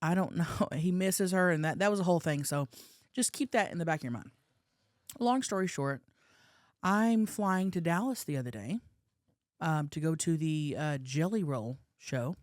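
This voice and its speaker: A woman with a slightly low voice is telling a story on a podcast, lively and animated, acting out the people she quotes. The sound is close and dry, as in a small studio. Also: moderate pace, no room sound. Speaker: podcast co-host. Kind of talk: casual storytelling chat.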